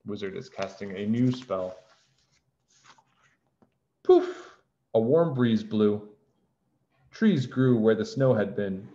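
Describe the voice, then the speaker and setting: A man reading a picture book aloud to children, gently explaining words as he goes. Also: fairly low pitch, unhurried, lo-fi sound. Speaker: teacher reading a storybook aloud.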